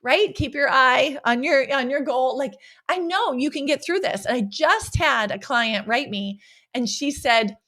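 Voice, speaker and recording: Woman podcast coach, bright and slightly high voice, peppy and playful, casual solo delivery. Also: unhurried. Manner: energetic and playful, often ends points with "right?".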